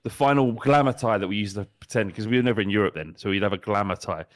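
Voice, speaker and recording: A man's voice: lowish voice, quick pace. A man co-hosting a casual football podcast, joking and telling stories with frequent laughs. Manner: storytelling, jokey, laughs often. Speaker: podcast co-host.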